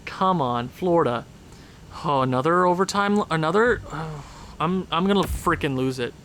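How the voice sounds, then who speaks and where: Young guy ranting over his hockey sim, high voice, sarcastic, faint hiss behind. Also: expressive, moderate pace. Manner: exasperated, sarcastic, swings to loud outbursts. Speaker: gaming YouTuber. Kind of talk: franchise mode gameplay commentary.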